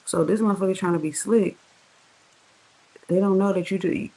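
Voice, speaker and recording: A tarot reader giving a casual, profane reading in slang, talking straight to the viewers and drawing words out slowly for emphasis. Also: mid-range voice, steady tone, warm tone, low-quality recording. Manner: slangy, profane, chatty, addresses viewers directly.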